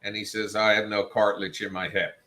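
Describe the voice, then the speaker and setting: A man's voice: lowish voice, little pitch movement, a little fast, bright, forceful tone. A man hosting a show, telling a story in a casual, profane, worked-up rant and quoting people in raised voices. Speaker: show host.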